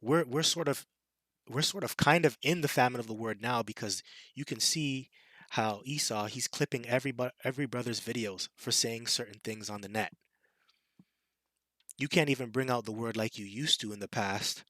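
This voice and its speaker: Fiery man preaching scripture, bright voice. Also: medium pitch, normal speed, dry recording. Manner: fiery and taunting, with scornful impressions and laughs. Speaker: street preacher. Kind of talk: scripture sermon.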